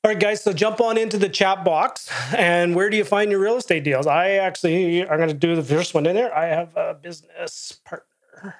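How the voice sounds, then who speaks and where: A man's voice: high-pitched, fairly quick, few pauses. A man hosting a live webinar, joking and reading audience chat comments aloud. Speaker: webinar host.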